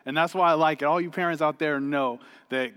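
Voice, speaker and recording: A man in his thirties preaching a sermon, energetic and chatty, telling a family story with laughs. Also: on the high side, fairly quick, clean tone, big-room sound. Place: church hall stage.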